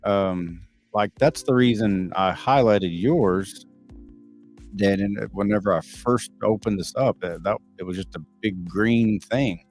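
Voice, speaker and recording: Middle-aged Texan man, very low voice, blunt and cussing livestream host, faint music underneath. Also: a little slow, a little mellow. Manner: candid, blunt and profane, answering viewers off the cuff. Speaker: livestream host reading chat. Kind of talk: casual live stream chat.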